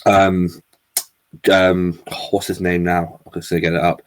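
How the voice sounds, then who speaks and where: A young man co-hosting a podcast, chatting casually and excitably, swearing and saying "mate" all the time. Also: low-pitched, a little slow, slight background noise, poor audio. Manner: excitable, swears a lot, says "mate" constantly. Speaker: podcast co-host. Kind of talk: casual chat.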